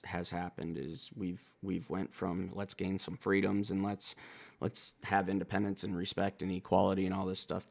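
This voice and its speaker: A man casually reacting to and reviewing a rap album, rambling and swearing as he thinks out loud. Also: low-pitched, vocal fry.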